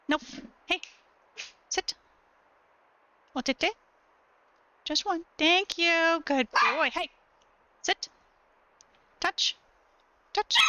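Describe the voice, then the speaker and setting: A woman's voice: sits high, sharp tone, no room sound. A woman streaming games, who gives clipped commands to her dog and then explains things in a casual way. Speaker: gaming streamer. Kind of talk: casual live-stream chat.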